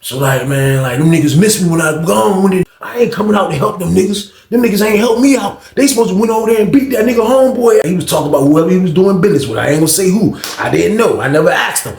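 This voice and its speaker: A man telling a story in a casual, animated, slangy way, often calling out to his listeners. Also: high voice, fast, creaky, hardly any pauses. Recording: roomy echo.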